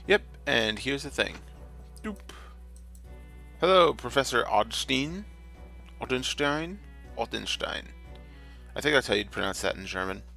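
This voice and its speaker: A man's voice: medium pitch, lively intonation, normal speed, gravelly, pushed and bright, faint music behind. A man narrating his gameplay in a casual, rambling, jokey way, often correcting himself mid-sentence. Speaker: gamer, channel host. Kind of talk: casual let's-play commentary.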